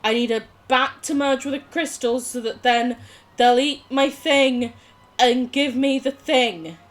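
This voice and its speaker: A woman's voice: high voice, measured pace. A young woman streaming a game, chatting casually with viewers, giggling and swearing. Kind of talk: casual live gameplay chat.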